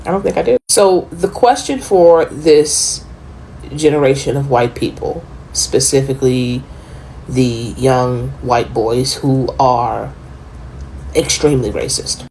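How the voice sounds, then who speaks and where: A woman delivering a monologue to her audience, speaking deliberately with dramatic pauses and sometimes dropping nearly to a whisper. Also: deep voice, darkish tone, a little hiss or hum, poor audio. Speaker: commentator.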